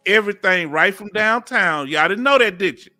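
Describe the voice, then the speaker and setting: A man from Houston with a Southern Texas accent, hosting a live stream in a folksy, drawn-out storytelling way. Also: high voice, lively intonation, sharp tone, faint music behind. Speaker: host.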